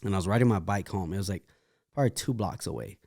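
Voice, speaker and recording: A young man from California, a dancer, telling lively stories in a casual interview with laughing asides and restarts. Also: low voice, fast talker, vocal fry, no room sound, clean studio sound.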